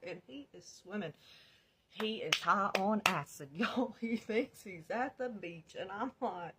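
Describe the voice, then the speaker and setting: Husky woman telling a story. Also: medium pitch, a little slow. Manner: animated, profane, laughs often, addresses viewers as y'all. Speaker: vlogger telling her life story. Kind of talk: casual storytime monologue.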